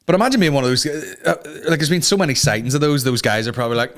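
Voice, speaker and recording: A man hosting a comedy podcast, talking in a loose, sweary, rambling way. His pitch swings widely as he riffs. He sits at a middling pitch, with nothing forced about it. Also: lively intonation, fast talker, hardly any pauses, fairly bright tone. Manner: sweary, rambling, slips into mock voices. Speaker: podcast host. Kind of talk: casual comedic rant.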